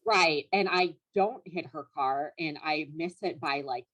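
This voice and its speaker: A woman's voice: low-pitched, a little slow, fairly bright tone. A young woman, a comedian guest, telling a story in casual chat, rambling with lots of fillers and laughing through it.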